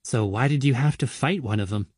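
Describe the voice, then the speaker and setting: A man's voice: medium pitch, a little fast, darkish tone, husky, no echo, clean studio sound, close to an everyday voice. A man voicing a timid pleading teenage girl. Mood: prying. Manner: ungrammatical, pleading.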